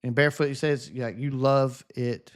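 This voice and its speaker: Man, Southern accent, chatty streamer, sunny easygoing voice, mid-range pitch. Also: fairly even intonation, moderate pace. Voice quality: sunny, relaxing voice. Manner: upbeat, chatty, answers viewer comments. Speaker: gaming streamer. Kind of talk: casual live chat while gaming.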